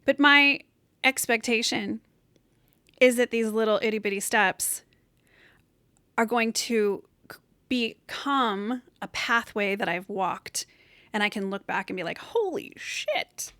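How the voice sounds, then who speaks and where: A woman's voice: fairly high pitch, a little slow, pauses often, sharp tone, clear, resonant tone, no echo. A woman hosting a solo motivational podcast from her bedroom, talking in an earnest, encouraging, emphatic way. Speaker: podcast host. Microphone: camera set up in room.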